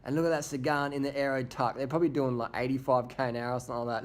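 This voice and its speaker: A man runs a casual commentary over bike race footage. He jokes crudely and swears freely, and his voice sits at an ordinary middle pitch. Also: flat delivery, racing. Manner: crude, joking, profane banter. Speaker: video host.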